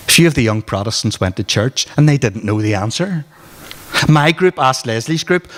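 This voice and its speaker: A man's voice: medium pitch, expressive, normal speed, fairly bright tone. A man with a Northern Irish accent reading aloud from his memoir at a book launch, in a dry, wry storytelling manner. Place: arts centre hall at a book launch. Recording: reverberant hall.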